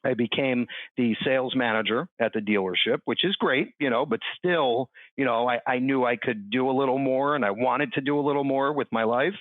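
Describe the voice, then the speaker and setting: A man in his forties tells a personal story as a podcast guest, animated and quick to act out the voices of the people in it. His voice sits at an ordinary middle pitch. The sound is thin and phone-like, with no room around it. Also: dry recording. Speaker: interview guest. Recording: dry, tinny phone-like line.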